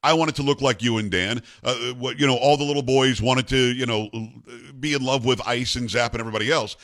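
A male radio host interviews his guest with quick, eager chatter, dropping in short replies as the guest talks. His voice sits in a middle range. He keeps a brisk pace throughout. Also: medium pitch, steady tone, a bit bright. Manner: enthusiastic, chatty, quick back-channel replies. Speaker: radio talk show host.

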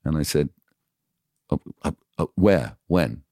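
Seasoned radio DJ as podcast guest, frank and animated, voices the people in his stories; rumbling low pitch, dead-dry room. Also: slow pace, no echo. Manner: animated, acts out quoted dialogue; frank, confessional. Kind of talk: casual storytelling in interview.

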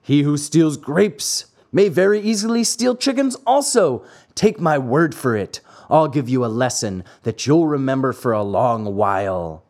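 A man voicing an angry, rough-spoken farmer scolding a thief. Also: medium pitch, expressive, unhurried, few pauses, a little mellow. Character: angry gruff male farmer.

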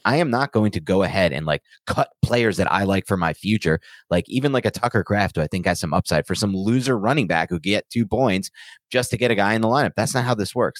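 A man co-hosting a podcast, talking in casual banter that is emphatic and animated, with defensive rants. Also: fairly low pitch, no room sound. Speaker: podcast co-host.

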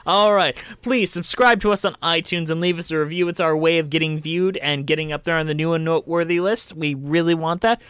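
A man with a high voice chats on a casual podcast, laughing a lot and trading jokes with his co-host. He moves briskly through the plugs and picks his favorite gags. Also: a bit bright, clear, resonant tone, dry recording, studio quality. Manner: laughs often, reads ad breaks quickly. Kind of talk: casual chat.

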